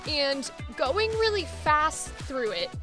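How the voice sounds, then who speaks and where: A woman voice acting coach explaining technique in an animated way, laughing often. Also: high voice, slow pace, over music. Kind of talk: coaching session.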